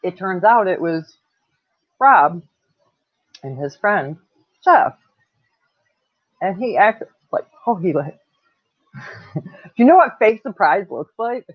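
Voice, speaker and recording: A woman's voice: fairly low pitch, very animated, takes it slowly, long pauses, slightly rough, dry recording. Woman, late 30s, candid profane storyteller; tinny, dry, lo-fi recording. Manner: blunt, heavy swearing, laughs between lines. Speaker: vlogger telling a personal story. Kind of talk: casual storytelling to camera. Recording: tinny dry phone-like sound.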